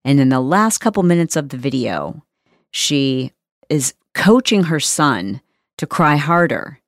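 A woman's voice: sits low, big pitch swings, measured pace, dry recording, studio quality. A woman hosting her own podcast, talking frankly and emphatically in a conversational monologue. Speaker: podcast host.

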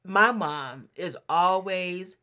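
A woman's voice: fairly low pitch, drawn-out words. A woman chatting casually, telling family stories with lots of laughter and acted-out quotes. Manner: animated storyteller, acts out quotes, laughs often. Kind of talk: casual chat.

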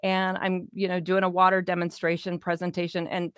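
A middle-aged business owner, interviewed as a guest, tells her story in a fairly low, brisk, clear and resonant voice. She's animated and casual, laughs often, and acts out what people said. The sound is close and dry, with no room echo.

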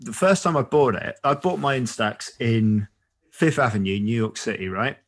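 A man in casual conversation, telling lively stories and often asking "right?". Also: mid-range voice, normal speed. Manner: animated storyteller, says "right?" often. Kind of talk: casual chat. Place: photographer who travels with a camera.

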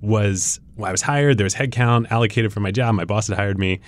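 A man's voice: lowish voice, fairly quick. A man co-hosting an interview podcast, chatting eagerly with a guest and telling stories, recorded in an office. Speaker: podcast co-host. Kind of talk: casual interview chat.

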